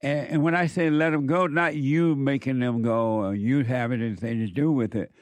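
A man's voice: medium pitch, steady tone, moderate pace, no echo. A man giving an informal spiritual talk as a counselor, blunt and emphatic, repeating words for stress.

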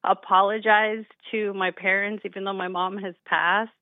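A woman's voice: mid-range voice, flat delivery, moderate pace, no room sound. A woman caller on a radio show, emotional and grateful, laughing often. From California. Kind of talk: phone call to a radio show. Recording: tinny phone line.

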